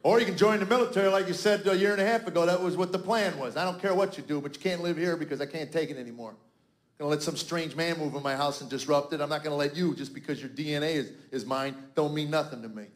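This fifties-aged comic talks fast in a fairly high voice, telling stand-up stories as a fed-up father caught in family arguments. The recording carries the roomy sound of a live venue, with an audience in front of him.

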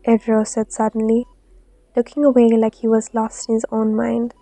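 Gravelly-voiced woman reading fanfiction. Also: fairly high pitch, level tone, moderate pace, warm tone. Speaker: narrator. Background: faint lofi music.

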